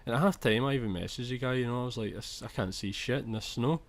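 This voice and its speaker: A man's voice: mid-range voice, fast talker. A young man commentating over his own football video game footage, chatty, restarting sentences and swearing when annoyed. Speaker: gaming commentator.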